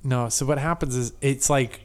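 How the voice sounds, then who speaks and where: A man's voice: mid-range voice, moderate pace, clean tone. A man co-hosting a podcast, telling a long rambling story in casual, profane chat. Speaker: podcast co-host.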